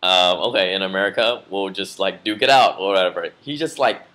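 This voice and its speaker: A man with a fairly low voice tells a personal story straight to camera. He rambles in a casual vlog style, with plenty of fillers and restarts. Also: fairly quick, sharp tone. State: just woke from a nap. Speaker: vlogger.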